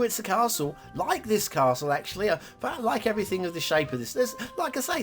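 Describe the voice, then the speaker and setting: A man hosting a game map review show, chatting casually, joking and giggling as he talks over gameplay footage. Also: a little high. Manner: chatty, giggly, jokey asides.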